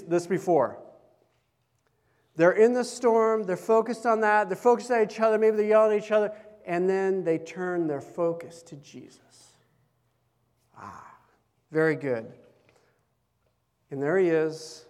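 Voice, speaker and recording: A man's voice: high-pitched, animated, unhurried, long pauses. A male pastor preaching a sermon in a conversational way, often putting questions to the congregation. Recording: long hall reverb.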